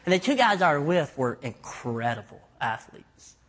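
A young man preaching a sermon as pastor, telling stories with lively acted-out voices and self-mocking jokes. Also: fairly high pitch, moderate pace. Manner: animated storytelling, acts out voices in quotes, self-mocking jokes.

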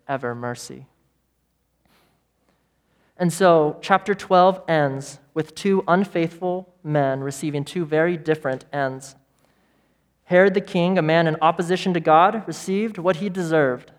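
A man preaching a sermon as pastor, emphatic, with repeated phrases and dramatic pauses. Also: a little high. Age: adult parent of young children.

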